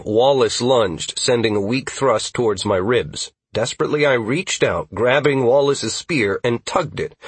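A man narrating a fantasy audiobook in a steady, even storytelling manner on a close studio mic. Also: medium pitch, slightly rough, dry recording.

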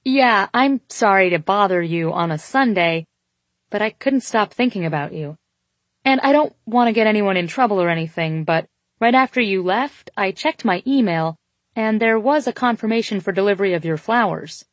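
A woman's voice: mid-range voice, expressive, normal speed, no room sound, close to an everyday voice. A woman narrator voicing a polite, eager young man on the phone who sounds earnest and apologetic. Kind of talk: audiobook character dialogue.

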